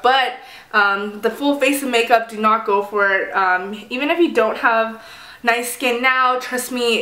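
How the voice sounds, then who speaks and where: A woman's voice: mid-range voice, pushed and bright. Young woman, casual makeup-tutorial chatter, rambling with fillers, roomy echo. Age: young adult. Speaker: beauty vlogger. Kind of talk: casual get-ready-with-me chat.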